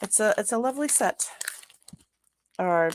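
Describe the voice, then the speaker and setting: A woman's voice: medium pitch, expressive, measured pace, a little hiss or hum. An older woman hosting a live jewelry sale, chatting casually and laughing often. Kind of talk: casual live-stream selling.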